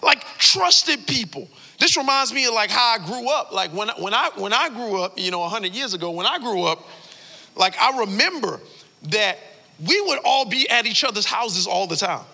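A male pastor delivers an animated, story-driven sermon full of casual slang. His voice is high and sharply bright with a gravelly texture. It rings with the long reverb of a church hall. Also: moderate pace. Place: church sanctuary.

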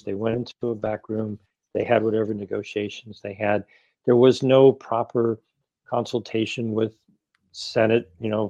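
A man in his sixties talks as an activist guest, driving his points home emphatically and throwing in rhetorical questions. His voice is mellow and warm. The audio is dry and slightly dull, like a lo-fi remote connection. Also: mid-range voice, no echo. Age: 60s. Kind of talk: interview conversation.

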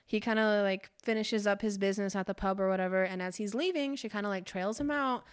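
A woman's voice: mid-range voice, quick pace, smooth. A woman co-hosting a book podcast, chatting casually and animatedly as she retells a novel's plot, full of "like" fillers. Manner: animated, laughs often, many "like" fillers.

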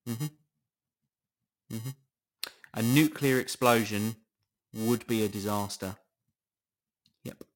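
A man's voice: on the low side, takes it slowly, pauses often. A middle-aged man hosting a podcast, chatting casually in a sarcastic, incredulous tone and swearing often. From Britain. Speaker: podcast host. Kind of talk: casual solo podcast chat.

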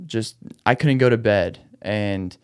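Speaking slowly in a lowish, clear, resonant voice, a man vents on his solo late-night podcast, laughing even as he fumes. His rambling is restless and he is clearly wound up and agitated, captured through a podcast microphone.

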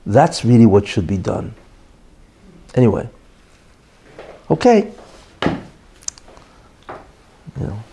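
A man's voice: fairly low pitch, big pitch swings, slow, long pauses, warm tone, a little hiss or hum. A man giving an opinionated monologue as a commentator, emphatic and full of rhetorical questions and repeated "you know".

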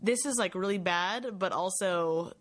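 A woman's voice: medium pitch, unhurried. A young woman in casual chat about a TV episode, chatty and giggly, with lots of "like".

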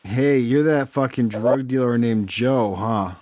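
A man's voice: mid-range voice, a little slow, darkish tone, no room sound, clean studio sound. A man making a prank phone call, mock-earnest and pushy, repeating his questions over and over. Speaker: prank caller.

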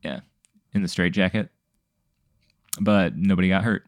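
A man hosting a casual podcast chat, posing a rambling hypothetical with many halting fillers. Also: sits low, dry recording.

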